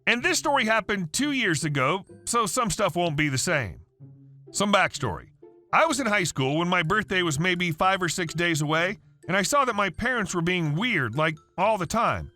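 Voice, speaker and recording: Man, bright tense voice, high pitch, storytelling, faint music underneath. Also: sing-song, moderate pace. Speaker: narrator. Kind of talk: reading reddit stories aloud.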